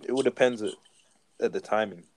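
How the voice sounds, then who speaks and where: A man's voice: fairly low pitch, brisk, background noise. A young man co-hosting a casual podcast, laid-back and slangy with lots of "like". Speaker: podcast co-host. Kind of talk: casual chat.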